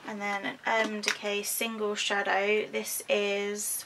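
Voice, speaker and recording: A woman's voice: mid-range voice, completely flat delivery, a little slow, very noisy. A woman with an English accent chatting through a product walkthrough, hesitant with frequent ums and self-corrections. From United Kingdom. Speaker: beauty vlogger.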